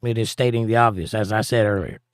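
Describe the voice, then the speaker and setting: A man's voice: lowish voice, fairly even intonation, fast, smooth, no echo, clean studio sound. A man hosting a live stream, reading chat aloud and answering with blunt, sarcastic put-downs.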